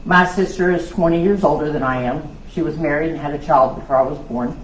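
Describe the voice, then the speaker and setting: A woman, giving a loud, lively personal testimony at a women's conference. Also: low voice, a little fast. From South Louisiana. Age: 60s. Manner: loud, lively storytelling with laughs and acted-out voices. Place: church hall. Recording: echoey hall with faint noise.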